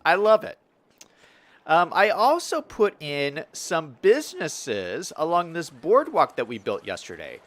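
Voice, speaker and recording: A man's voice: fairly high pitch, wildly swooping pitch, measured pace, fairly bright tone. A young man casually commenting on his city-building game and reading chat messages during a live stream. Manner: chatty, upbeat, reads out chat messages.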